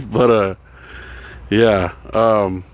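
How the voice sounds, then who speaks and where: A man's voice: lowish voice, huge pitch swings, drawn-out words. A man casually telling a rambling personal story, swearing constantly and filling gaps with "like" and "you know". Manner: rambling, profane, heavy filler words.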